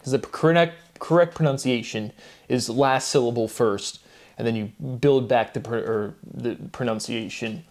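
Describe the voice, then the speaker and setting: A man's voice: mid-range voice, moderate pace. A man hosting his own channel, talking alone in a loose, rambling monologue full of fillers and restarts. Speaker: channel host. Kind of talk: casual solo monologue.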